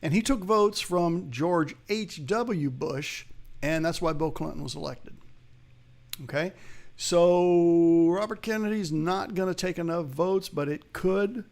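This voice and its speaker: A man's voice: high voice, slow, vocal fry, darkish tone. A man hosting a live investing webcast, giving market commentary in a chatty way, talking straight to viewers and reading their chat. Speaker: host of a live investing show.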